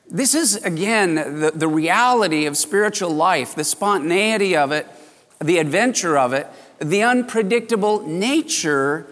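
A male pastor preaching a sermon, telling the story with animated exclamations and acting out the disciples' voices. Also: sits high, long reverb tail.

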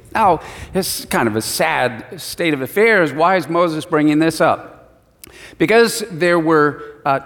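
A man preaches in a relaxed, conversational way, retelling old stories as if chatting with his listeners. His voice sits fairly high for a man. A long hall reverb trails after his words. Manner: conversational storytelling with acted quotes. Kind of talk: sermon.

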